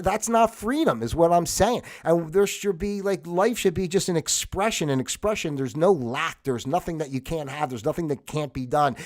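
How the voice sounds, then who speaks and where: Guy on his own livestream, kinda high voice, rambling rant, lots of restarts, gets worked up. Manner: rambling, restarts often, heated when worked up. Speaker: livestream host. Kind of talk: casual livestream monologue.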